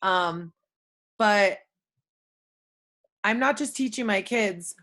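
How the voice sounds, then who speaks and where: A woman's voice: mid-range voice, drawn-out words, long pauses, a bit bright. A woman in her thirties talking casually to her viewers, chatty and open, with lots of fillers and tag questions. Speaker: host. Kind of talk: casual talk to camera.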